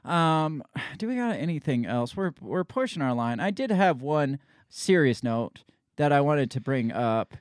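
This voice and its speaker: A man's voice: on the high side, sing-song, a little slow, no room sound, clean studio sound. A man co-hosting a casual talk show, reading an article aloud and breaking in with incredulous, sarcastic comments. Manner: incredulous, sarcastic asides between quoted passages. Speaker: podcast co-host.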